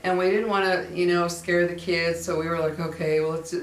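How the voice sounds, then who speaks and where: A woman's voice: lowish voice, little pitch movement, a little fast, far from the mic, slight background noise. A middle-aged woman telling a personal ghost story in a chatty, rambling way, full of fillers and restarts. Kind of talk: casual storytelling. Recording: roomy sound from away from the mic.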